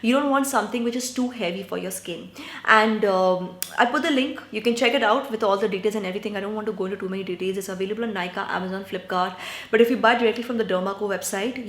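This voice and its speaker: A woman from India giving skincare advice in a chatty vlog, often checking in with "right?" and addressing her viewers as guys. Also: mid-range voice. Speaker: beauty vlogger. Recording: echoey room.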